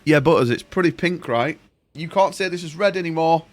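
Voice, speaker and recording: A man's voice: on the high side, fairly quick, no echo. Young male streamer, casual and sweary, rambling storyteller. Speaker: gaming streamer. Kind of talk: casual chat while streaming.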